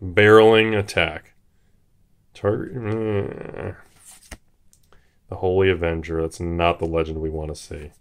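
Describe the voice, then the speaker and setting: This man hosts a card-opening video in casual, excited commentary. His voice sits fairly low. He gets jittery and hyped and breaks into shouts at the big pulls. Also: takes it slowly, long pauses.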